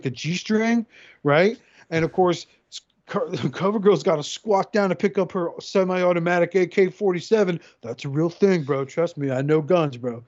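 Animated profane man, lo-fi sound. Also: sits high. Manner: animated, profane, acts out voices. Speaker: podcast co-host. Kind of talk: casual chat, riffing a comic pitch. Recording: dull lo-fi sound.

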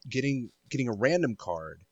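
A man discussing card game strategy in a casual podcast, talking in a measured, analytical way with plenty of ums and caveats. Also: mid-range voice, big pitch swings, no room sound, lo-fi sound.

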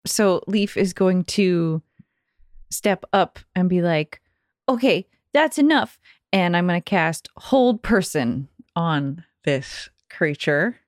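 A woman's voice: on the low side, slow, no room sound, clean studio sound. Playful woman player at a tabletop game. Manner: playful, giggly, reads spell text aloud.

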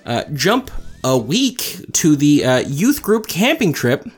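A man's voice: on the high side, very animated, slow, slightly rough, soft background music. Teasing sarcastic young man co-host. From New Jersey. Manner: teasing, sarcastic banter, swears casually. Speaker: podcast co-host. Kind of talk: casual chat.

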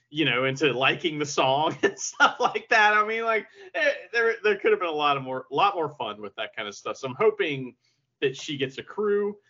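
A man co-hosting a podcast in casual chat, joking and excitable, with frequent profanity. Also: medium pitch. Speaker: podcast co-host. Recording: muffled lo-fi podcast audio.

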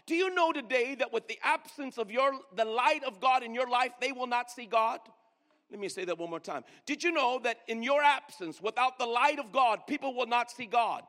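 Preacher guy, real high bright voice, calls on the crowd to repeat stuff, big echoey church hall. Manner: preaching with call-and-response and drawn-out emphasis. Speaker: pastor. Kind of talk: sermon. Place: church sanctuary. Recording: long reverb in a large hall.

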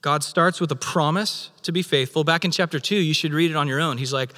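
A man preaching a sermon as pastor, animated, acting out God's voice in quoted lines. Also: fairly high pitch, fairly quick, long reverb tail.

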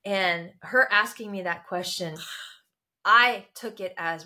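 A woman guest on a podcast, telling a personal story of forgiveness in an animated way, jumping high in pitch when she quotes herself. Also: slow pace. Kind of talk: personal testimony in conversation.

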